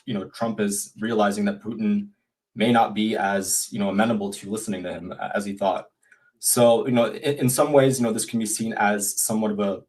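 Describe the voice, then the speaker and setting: A man commenting on politics as a co-host, hedging a lot and filling pauses with "you know" and "um". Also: lowish voice, recorded from a distance. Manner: hesitant, many fillers, hedging.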